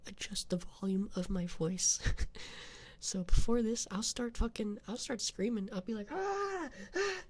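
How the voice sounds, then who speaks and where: A young man chatting with viewers on a live ASMR stream, rambling with many fillers and switching between whispering and soft talk. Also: high voice, steady tone, normal speed.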